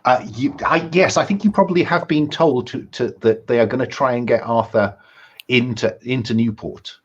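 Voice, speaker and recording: A man's voice: mid-range voice, moderate pace, slightly rough, lo-fi sound. A man running a tabletop horror game as game master, talking with many ums and restarts.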